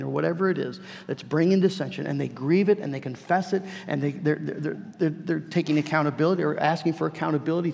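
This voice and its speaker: A man's voice: on the high side, gravelly, a little mellow. A man preaching a sermon as pastor, earnest, with repeated words and phrases. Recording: long church reverb.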